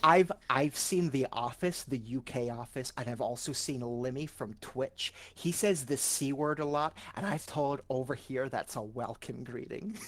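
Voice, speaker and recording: A man's voice: mid-range voice, measured pace, hardly any pauses, no room sound. Scottish man telling casual stories. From Scotland. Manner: swearing, animated anecdotes. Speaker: streamer. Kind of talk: casual storytelling chat.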